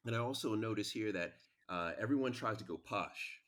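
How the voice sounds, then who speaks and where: A man who is a relationship expert, a podcast guest in casual chat, animated and repeating words for emphasis. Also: lowish voice, a little fast.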